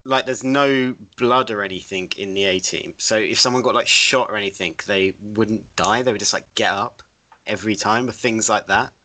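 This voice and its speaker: A man's voice: on the low side, normal speed, bright, forceful tone. A man playing along as a contestant in a casual podcast quiz, rambling, laughing and swearing.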